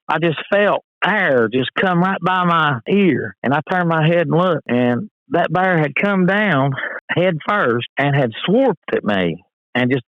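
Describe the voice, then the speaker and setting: A man recounts a close call in a vivid, folksy way. His voice sits a little high. The sound is tinny, like a phone line. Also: dry recording. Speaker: guest. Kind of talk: dramatic storytelling.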